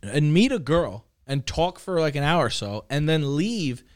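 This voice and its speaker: Man, crude rambling storyteller, lively swooping voice, dry sound. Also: on the high side, unhurried, smooth, no room sound. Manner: rambling, profane, animated storytelling. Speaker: podcast co-host.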